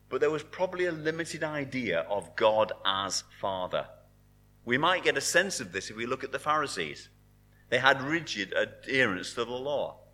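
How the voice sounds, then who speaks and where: Guy preaching a sermon, bright forceful voice, earnest, goes quiet on the big words. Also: medium pitch. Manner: earnest preaching, dropping to soft emphasis on key words.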